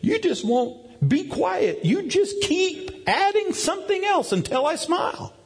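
A man's voice: extremely high pitch, sing-song, a little slow, voice pushed up, heavily acted. A man voicing his young son, a sulky, giggly boy who whines and protests. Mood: exasperated. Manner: whiny, protesting.

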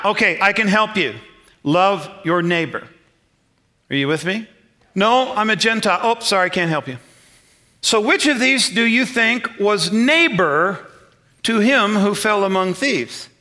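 A male pastor preaching in a church, his voice bright and a touch high. He talks with animation, dropping to near quiet and rising again. Now and then he drifts off the mic. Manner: animated, swings loud and quiet, chuckles often. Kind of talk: sermon.

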